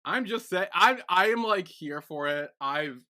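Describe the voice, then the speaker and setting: Chatty podcast guy rambling thru a show recap, bright tone, keeps going off on tangents. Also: high voice, measured pace. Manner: rambling, excitable, many fillers. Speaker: podcast co-host. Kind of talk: casual chat recapping a show.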